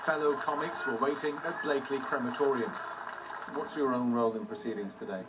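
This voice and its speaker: A man reporting for television news in a measured voice. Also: mid-range voice. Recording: distant mic with loud noise.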